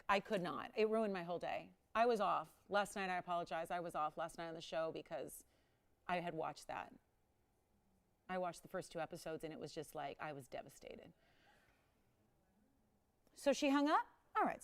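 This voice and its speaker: A chatty woman hosts a live jewelry auction, bantering with viewers and crew, laughing a lot, and letting her pitch and volume swing lively.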